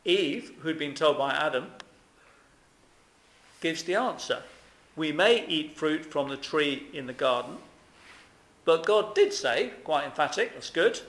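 A man's voice: a little high, normal speed, fairly bright tone. A man preaching a sermon in an earnest, emphatic way, with lots of rhetorical questions. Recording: echoey room.

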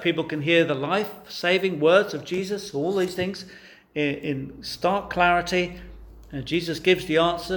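A man's voice: on the high side, creaky. A man preaching a sermon, asking rhetorical questions and pressing his points with emphasis.

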